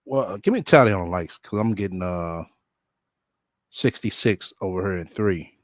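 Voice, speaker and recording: A man hosting a live stream in a laid-back, halting way with many fillers. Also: low-pitched, animated, no echo, studio quality. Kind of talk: casual live-stream chat.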